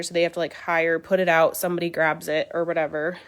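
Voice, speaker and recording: A young woman hosts a casual livestream, her voice congested and sore from illness. She talks in a chatty, venting way, low-pitched for a woman, telling her viewers about her frustrations. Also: steady tone, fairly quick, hardly any pauses. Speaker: beauty livestream host.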